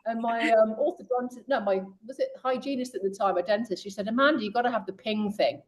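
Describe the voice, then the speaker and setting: A middle-aged woman in an interview, telling her own story and speaking straight to women listeners. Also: quick pace. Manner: lively storyteller who voices quoted people with raised pitch; direct, addresses women listeners. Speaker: guest coach.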